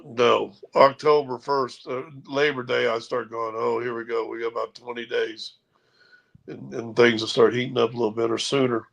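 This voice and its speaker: Man, sports talk host, casual, animated storyteller, bright tone. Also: medium pitch, gravelly, lo-fi sound. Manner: animated storyteller, quick to mimic others.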